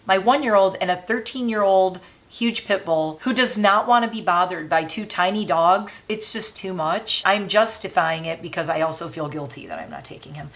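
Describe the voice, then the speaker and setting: A woman vlogging casually as she packs her puppy's travel bag, talking in a chatty and openly emotional way with warm, sentimental asides. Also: medium pitch. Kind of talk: casual chat.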